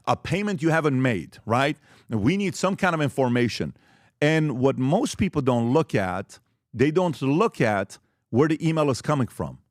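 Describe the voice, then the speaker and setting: A man hosting a business presentation to a live audience, direct and emphatic, telling stories with lively acted-out exchanges. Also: mid-range voice, no echo, studio quality. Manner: animated storytelling, acts out quoted exchanges; direct and emphatic, lists points quickly. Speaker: host giving a business talk.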